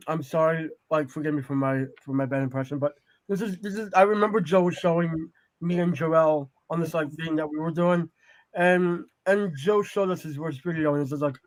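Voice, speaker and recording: A man chatting on a casual livestream, excitable and hurried, repeating himself as he talks. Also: on the high side, low-quality recording. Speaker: guest artist.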